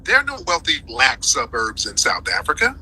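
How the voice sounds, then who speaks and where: A man's voice: medium pitch, wildly swooping pitch, normal speed, bright, forceful tone, slightly rough, low-quality recording. A man in a heated online debate, combative, mocking and interrupting.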